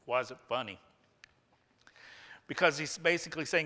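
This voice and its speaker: A man's voice: on the high side, moderate pace, long pauses, bright, forceful tone, in a large hall. A man preaching a sermon in a casual, conversational way, acting out a prophet's complaint with humor. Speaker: pastor.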